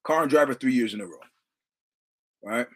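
A man's voice: medium pitch, moderate pace, fairly bright tone. Man, podcast host, casual storytelling, profane, repetitive, punchy.

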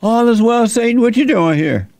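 A man's voice: extremely high pitch, lively intonation, normal speed, a little mellow, no room sound, clean studio sound, pitched above the performer's own voice. A man voicing a faithful, defiant righteous man in a spoken Bible retelling. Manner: firm, defiant.

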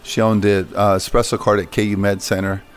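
A man's voice: on the low side, little pitch movement, a little fast. A middle-aged man, guest in an interview, telling rambling anecdotes full of fillers and restarts. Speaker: interview guest, coffee business founder. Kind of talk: casual interview storytelling.

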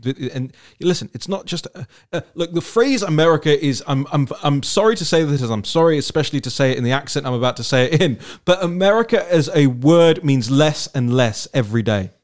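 Male host, fairly high voice, rambling and animated in political conversation. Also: brisk, hardly any pauses. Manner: animated, rambling, repeats words while thinking aloud. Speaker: podcast host. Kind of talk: political talk-show conversation.

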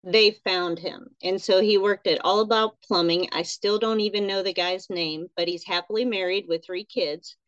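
An earnest woman in her forties tells her story as a podcast guest, animated and sincere. Her voice comes through a dull, lo-fi line with a dry sound and no room echo. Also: medium pitch, moderate pace, few pauses, clear, resonant tone. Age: 40s. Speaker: guest, nurse and writer. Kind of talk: casual interview chat.

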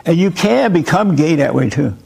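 A man's voice: on the high side, sing-song, normal speed, vocal fry, a little mellow, husky. Blunt, emphatic male preacher. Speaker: preacher and call-in show host. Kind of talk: sermon. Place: room with a live audience.

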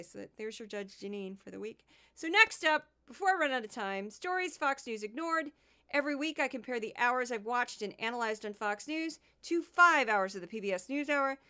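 Woman podcast host, bright higher voice, sarcastic, animated delivery. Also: clean tone. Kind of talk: sarcastic commentary and news rundown.

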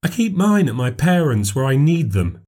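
A man's voice: mid-range voice, sing-song, normal speed, warm tone, pitched above the performer's own voice. A man voicing a harried, impatient wife and mother with clipped questions. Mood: exasperated.

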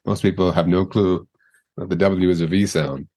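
A man's voice: deep voice, steady tone, normal speed, warm tone, no room sound, studio quality. An older man with a Mid-Atlantic American broadcast accent, a former news anchor talking casually as an interview guest, stumbling over words and laughing easily. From United States.

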